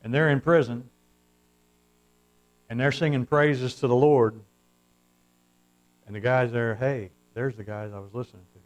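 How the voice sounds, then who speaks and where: A man's voice: mid-range voice, low-quality recording. A man preaching a sermon, retelling a scripture story in his own words and asking his listeners "amen?". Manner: retells scripture with acted-out quotes, calls "amen?".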